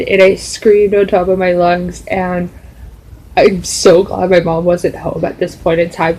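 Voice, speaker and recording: A woman's voice: lowish voice, a little mellow, rough recording. A young adult woman telling a story in a casual, rambling vlog style, full of fillers. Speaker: vlogger.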